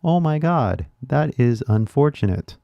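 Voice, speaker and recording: A man's voice: medium pitch, expressive, creaky, no room sound, highs cut off. A man putting on a droning textbook teacher. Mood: mock-earnest. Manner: slow, exaggerated, fake-sounding intonation.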